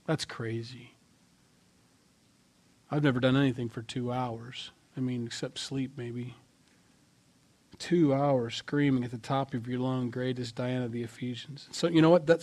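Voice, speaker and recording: A male pastor preaching a sermon in an animated way, swinging between loud lines and quiet asides. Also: medium pitch.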